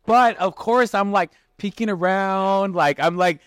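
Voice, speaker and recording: Profane, animated man, fairly high voice. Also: measured pace, dry recording, clean studio sound. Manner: profane, animated, restarts often, acts out quotes. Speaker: podcast host and chef. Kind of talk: casual storytelling chat. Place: restaurant kitchen.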